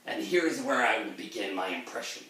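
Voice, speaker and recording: A man's voice: fairly low pitch, animated, normal speed, pushed and bright, a little hiss or hum. A man doing a hammy pirate captain. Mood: theatrical. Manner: hammy, theatrical delivery. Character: swaggering male pirate captain, theatrical. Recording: very echoey room, distant mic.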